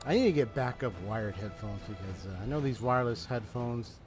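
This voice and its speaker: A man's voice: medium pitch, expressive, a little fast. A man talking casually through a first-time game playthrough, chatty and full of slang, laughing often. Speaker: gaming YouTuber. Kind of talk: casual let's-play commentary. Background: game music.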